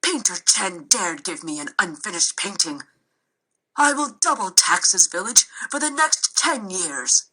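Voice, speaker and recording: A woman voicing a greedy, pompous male official who booms his orders, reading from a storybook. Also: big pitch swings, measured pace, sharp tone, husky, full character voice, rough recording. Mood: commanding. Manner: booming, commanding.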